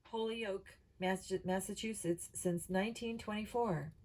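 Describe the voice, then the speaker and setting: A woman voicing a deep-voiced male announcer on a mission video, in a grave, explaining tone. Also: steady tone, measured pace, darkish tone, lightly acted.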